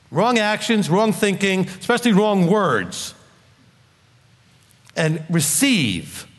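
A blunt preacher in his fifties delivering a sermon with emphatic, scolding force. His voice sits high for a man and swings widely in pitch. It rings with a long reverb, like a big hall. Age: 50s.

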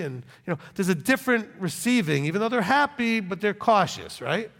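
Pastor, conversational animated sermon, lively gravelly delivery, reverberant church hall. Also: male voice, sits high, brisk, hardly any pauses. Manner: conversational, animated teaching with frequent "okay?" check-ins.

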